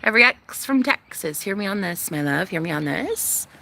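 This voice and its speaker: A young woman talking to camera in a casual vlog, sassy, profane and dramatic, swinging between loud outbursts and hushed asides. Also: mid-range voice, animated, moderate pace, vocal fry, a little hiss or hum. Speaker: vlogger.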